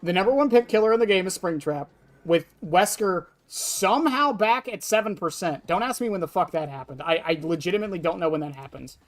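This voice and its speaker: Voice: medium pitch, brisk. A streamer casually talking through a match of an online horror game and answering chat, blunt and offhand, swearing freely. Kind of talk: casual live-stream gameplay commentary.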